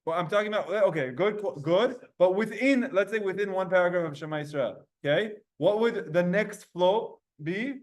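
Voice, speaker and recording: A man leads a Talmud class with a high-pitched voice. He explains things in quick bursts, quizzes his students, and keeps restarting his sentences.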